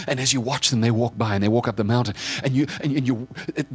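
A man's voice: mid-range voice, fairly even intonation, fast talker, hardly any pauses, husky. A man preaching as he guides listeners through a vivid scripture scene in the second person, with repetitive phrases that build in intensity.

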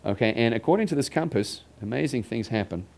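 A man preaches in a loose, conversational way, with a voice of ordinary pitch for a man. He circles back over his own phrases and breaks off for quick jokes with the congregation. The talk is recorded inside a church building. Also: lively intonation, vocal fry, a little mellow. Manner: chatty, repeats phrases, joking asides to the congregation. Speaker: pastor. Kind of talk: conversational sermon.

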